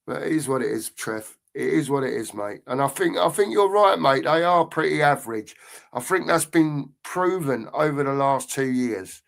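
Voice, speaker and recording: A man's voice: medium pitch, normal speed, creaky. A man hosting a casual livestream, reading out viewer comments and bantering with them by name. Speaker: host.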